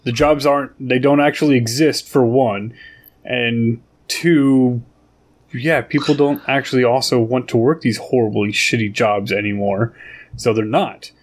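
A man co-hosts a casual podcast and rants bluntly, with swearing all through it. His pitch is average for a man, and he talks in an easygoing, conversational way. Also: steady tone, unhurried. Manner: blunt, swears freely, ranting. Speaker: podcast co-host. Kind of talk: casual chat.

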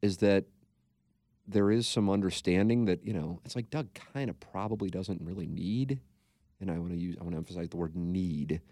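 A man's voice: sits low, brisk, warm tone, dry recording. A man co-hosting a podcast, talking in a rambling, candid way and swearing freely. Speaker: podcast co-host. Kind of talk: casual podcast chat.

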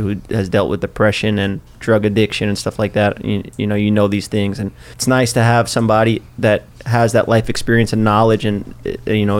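A man's voice: fairly low pitch, smooth. A young man hosting a casual podcast chat, joking and swearing as he tells a story. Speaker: podcast host.

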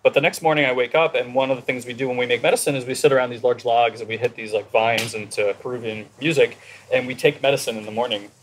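A man telling a personal story at a brisk, rushing clip, animated and acting out his inner dialogue. His voice sits at an ordinary middle pitch, with a faint hiss underneath. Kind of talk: casual conversation, personal storytelling.

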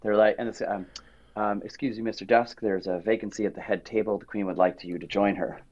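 Lively middle-aged male singer telling stories. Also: on the low side, quick pace, lo-fi sound. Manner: lively, acts out quoted voices, frequent restarts. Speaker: singer being interviewed. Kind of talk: animated storytelling interview chat.

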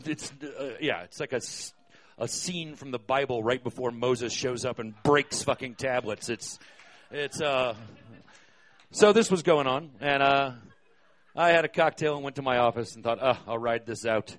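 A man's voice: mid-range voice, moderate pace, fairly bright tone. A man, a concert venue manager, telling a live stage story in a wry, profane way, hesitating often with fillers.

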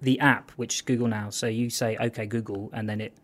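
A man chatting eagerly on a podcast as the regular trends contributor, excitable and quick to laugh. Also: lowish voice. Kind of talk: casual comedic chat.

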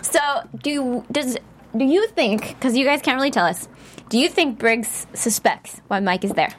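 A woman with a fairly high voice chatting casually and teasing her guests. A steady noise runs under her voice, broken by clicks. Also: normal speed. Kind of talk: casual chat.

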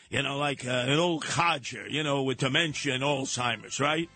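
A man hosting a talk radio show with mocking, animated comic riffs. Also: on the high side, moderate pace, few pauses, soft background music. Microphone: studio microphone.

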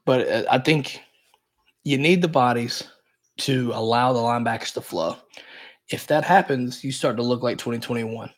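A man's voice: medium pitch, normal speed. Man, podcast co-host, casual sports talk, rambling, hedging. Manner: rambling, hedges a lot with repeated fillers.

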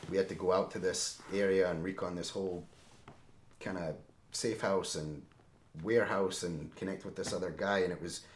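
Deep voiced guy telling a story, emphatic, keeps going "right?", echoey room. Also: moderate pace, a little hiss or hum. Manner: animated, emphatic, tags lines with "right?". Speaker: interview guest. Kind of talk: casual storytelling. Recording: roomy echo.

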